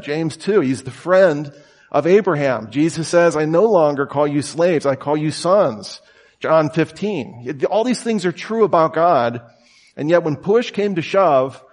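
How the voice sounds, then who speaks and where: A man in his thirties giving a conversational sermon, telling stories in a casual way and acting out the voices he quotes. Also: fairly high pitch. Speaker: preacher.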